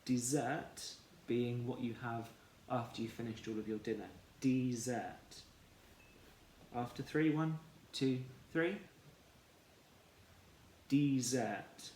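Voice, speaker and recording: Slow, patient male phonics teacher. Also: medium pitch, fairly even intonation, a little mellow, slight background noise. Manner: slow, clear sounding-out of words. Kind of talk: phonics lesson for children. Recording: echoey room with faint ambience.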